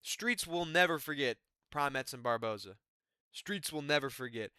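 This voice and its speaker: A man's voice: medium pitch, animated, moderate pace, bright, forceful tone, clear, resonant tone, no room sound, studio quality. A man giving a rambling, profane, exasperated casual recap of a fight card. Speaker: MMA commentary YouTuber.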